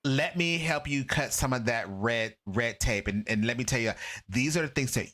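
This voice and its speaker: A man with a bright, forceful voice talks casually as an interview guest. He tells lively stories and slips into the voices of the people he quotes. He sounds middle-aged and speaks at a middling pitch. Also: normal speed. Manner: lively storyteller who acts out quoted people. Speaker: guest, esports educator and consultant.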